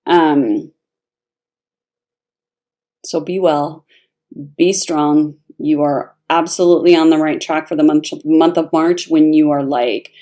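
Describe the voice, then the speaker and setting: Low mellow-voiced woman reading tarot. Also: takes it slowly, long pauses. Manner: expressive, emphatic, talks straight to the viewer. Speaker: tarot reader.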